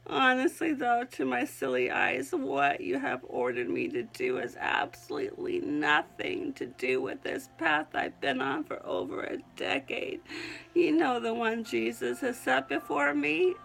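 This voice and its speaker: A woman with a Southern accent reads her own prayerful poem slowly, in a high voice with a gravelly edge. She keeps breaking off to sneeze and laugh and sounds close to tears. Soft music plays faintly behind her. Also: big pitch swings, low-quality recording. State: teary, on the edge of crying. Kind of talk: prayerful spoken-word poetry reading.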